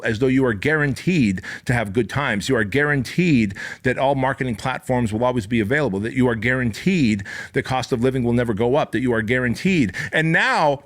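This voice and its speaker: Intense profane motivational man. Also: mid-range voice. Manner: intense, profane, rising to shouting fervor. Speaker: podcast host. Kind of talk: motivational monologue.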